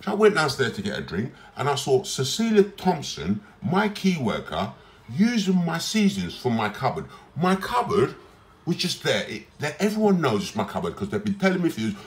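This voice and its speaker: A man's voice: a little high, huge pitch swings, fairly quick. A man, a patient on a psychiatric ward, recording a personal complaint, talking emphatically and repeating himself.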